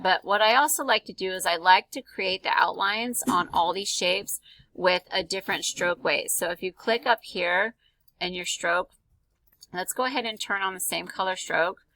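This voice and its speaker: Chatty woman art teacher, gravelly bright voice. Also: fairly low pitch, dry recording, poor audio. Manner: casual, chatty, many ums and likes. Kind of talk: screen-recorded drawing tutorial.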